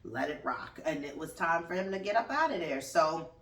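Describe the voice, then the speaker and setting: Animated, swearing woman podcast host. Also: low voice, moderate pace, distant mic. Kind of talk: casual solo chat. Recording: roomy echo, off-mic.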